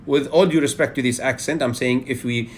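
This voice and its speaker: With a mid-range voice and a brisk pace, a Bahraini-accented man from Bahrain teaches public speaking in a lecture. Animated and heavy on fillers, he keeps checking in with his audience by repeating "yeah."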